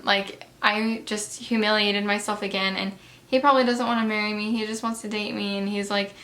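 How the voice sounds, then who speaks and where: A young woman telling embarrassing stories in a casual, chatty way while doing her makeup, with lots of fillers and lively retelling. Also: mid-range voice, brisk. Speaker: beauty vlogger.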